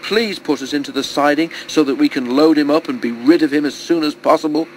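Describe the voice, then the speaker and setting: A man's voice: on the high side, fairly quick, a little hiss or hum, pitched above the performer's own voice, lightly acted, rough recording. A man voicing a cross, gossipy group of freight trucks who snap and snigger.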